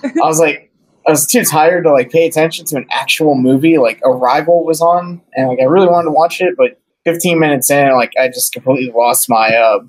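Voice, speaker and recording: A man's voice: on the high side, fairly quick, poor audio. A man telling travel stories in casual chat, rambling with lots of fillers.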